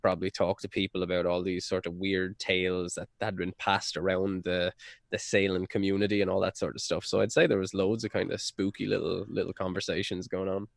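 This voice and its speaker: Low-voiced man co-hosting a podcast. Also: flat delivery, fairly quick, vocal fry, no echo, clean studio sound. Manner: agreeable, rambling, joking. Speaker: podcast co-host. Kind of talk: casual podcast chat.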